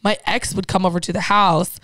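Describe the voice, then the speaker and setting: A woman's voice: lowish voice, brisk, dry recording. A woman hosting a podcast in casual chat, telling stories with lots of swearing and acting out the voices in them. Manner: lively storytelling, acts out voices of dogs and people; swears freely. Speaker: podcast host.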